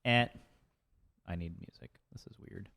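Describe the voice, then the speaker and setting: A man's voice: deep voice, measured pace, creaky, sharp tone. A man running a tabletop game as game master, talking in a chatty, rambling way full of fillers.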